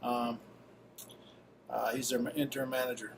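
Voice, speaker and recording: A man's voice: mid-range voice, little pitch movement, moderate pace, gravelly, slight background noise. A man chatting casually for a vlog at a baseball stadium, joking and trailing off into mumbles. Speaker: vlogger. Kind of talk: casual travel vlog chat.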